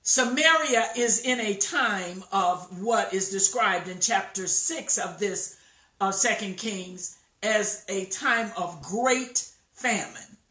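A woman preaching a sermon, telling a story slowly and emphatically and acting out the quotes. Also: medium pitch, pushed and bright. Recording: echoey room, voice from far off mic.

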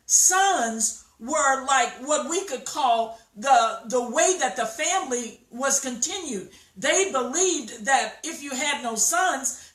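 A woman preaching a sermon, telling a story slowly and emphatically and acting out the quotes. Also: sits high, bright, forceful tone. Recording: echoey room, voice from far off mic.

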